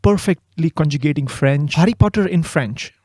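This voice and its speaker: A man's voice: a little high, expressive, moderate pace, a little mellow, dry recording. A young man from India hosting a casual chat, playfully correcting his guest's English. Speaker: host, English teacher and comedian.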